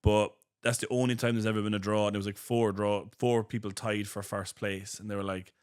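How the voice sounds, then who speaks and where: A comedian hosting a podcast, telling rambling stories in casual comedic chat and acting out the quotes. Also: male voice, lowish voice, little pitch movement, brisk, a little mellow, clean tone. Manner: rambling storyteller, acts out quotes.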